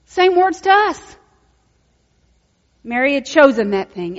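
A woman preaching a sermon, swinging from hushed, intimate lines to loud emphatic peaks. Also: sits high, very animated, measured pace, pauses often. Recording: dull lo-fi recording with long hall reverb.

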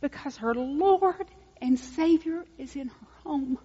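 A woman preaching a sermon, swinging from hushed, intimate lines to loud emphatic peaks. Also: high-pitched, slow pace. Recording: dull lo-fi recording with long hall reverb.

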